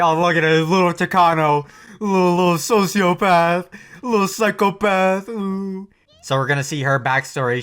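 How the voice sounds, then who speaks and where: Watching anime, a man with a mid-range voice reacts in a casual, animated way, cursing freely and laughing often.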